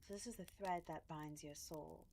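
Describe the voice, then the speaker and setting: A woman putting on a regal, hushed flame spirit. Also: low voice, steady tone, slight background noise, pitched below the performer's own voice. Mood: regal, tender. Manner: slow, hushed, stately reading. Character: ethereal regal flame spirit, softly romantic. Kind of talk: reading a dating sim character aloud.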